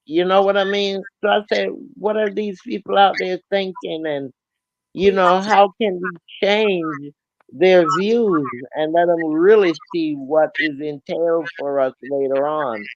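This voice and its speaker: Rambling caller on a muffled line. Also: female voice, lowish voice, a little slow, no room sound. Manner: rambling storyteller, many fillers. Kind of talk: telling a story on a call-in radio show.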